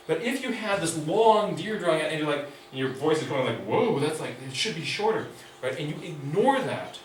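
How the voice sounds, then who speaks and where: A man teaching a nature drawing class in an enthusiastic, conversational way. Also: on the high side. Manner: enthusiastic, conversational, acts out inner voices. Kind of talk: lively teaching talk. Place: club meeting room. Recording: echoey room, mic far off, faint hiss.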